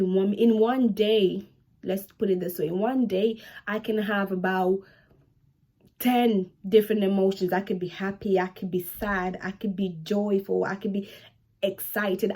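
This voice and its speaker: A woman in her twenties talking casually to camera in a home vlog, animated and chatty, repeating herself for emphasis. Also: medium pitch. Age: 20s. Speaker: vlogger.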